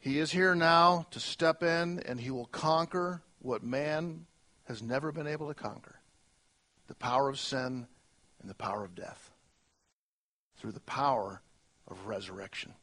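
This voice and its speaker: A male pastor preaching a sermon earnestly, moving between soft, slow lines and emphatic ones. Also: medium pitch.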